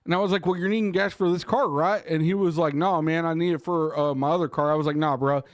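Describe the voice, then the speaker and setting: A man's voice: fairly high pitch, steady tone, fast talker, no room sound, studio quality. A man, co-hosting a podcast and telling profane stories in casual chat while laughing often. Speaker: podcast co-host.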